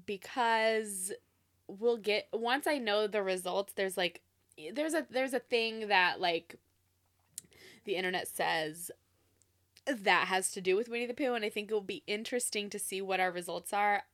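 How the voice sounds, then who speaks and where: A young woman talks in a loose, rambling way, full of "um" and "like," and breaks into laughter often. Her voice is bright and forward. The sound is dry and close, with no room around it. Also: medium pitch, unhurried, no room sound. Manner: chatty, laughs often, lots of fillers. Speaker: podcast co-host. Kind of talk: casual chat.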